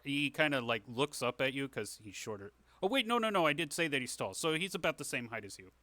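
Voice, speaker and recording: A man's voice: mid-range voice, sing-song, quick pace, few pauses, sharp tone, no room sound. A man narrating a tabletop game as game master, casual and self-correcting.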